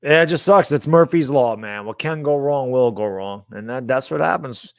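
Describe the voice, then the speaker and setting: A man's voice: mid-range voice, expressive, normal speed, creaky, dry recording, studio quality. A man co-hosting a casual sports podcast, talking in an exasperated, rambling way. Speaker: podcast co-host.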